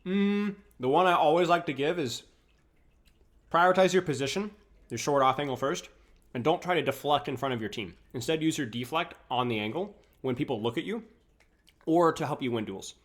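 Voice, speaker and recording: This young man's voice is a little high and moderately paced as he coaches a video game live. Relaxed and chatty, he answers viewer questions while eating.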